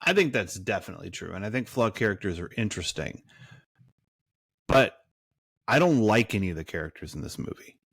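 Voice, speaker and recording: A man's voice: lowish voice, very animated, fairly quick, gravelly, pauses often, a bit bright, slightly rough, dry recording. Rambling, foul-mouthed male podcast co-host. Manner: rambling, profane, full of fillers and restarts. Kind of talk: casual chat.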